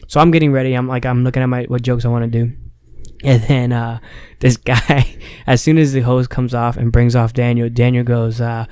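A man's voice: medium pitch, little pitch movement, brisk, warm tone, clear, resonant tone, no room sound, studio quality. A young man, a stand-up comic, telling a rambling story in casual chat and acting out the people he quotes. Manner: loose, rambling storyteller who acts out quotes.

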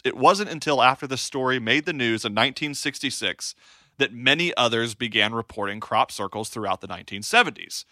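Young guy host reading out facts in a chatty way, bright voice, dead dry sound. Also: mid-range voice, no room sound. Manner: explains researched facts, jokes around. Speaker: podcast host. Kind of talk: casual chat, storytelling.

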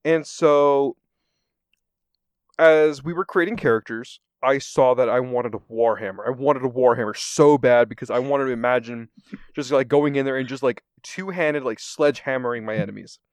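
A man casually telling a tabletop game story in an animated way, acting out the quotes and laughing often. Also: mid-range voice, normal speed, no echo.

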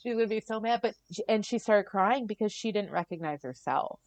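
A middle-aged woman guest on a podcast, telling her story in a casual, animated way, often acting out what others said and laughing. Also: medium pitch, a little fast, no echo.

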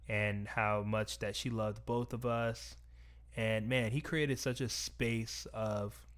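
A young man telling a personal story in a reflective, earnest, soft-spoken way. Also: on the low side, clean tone.

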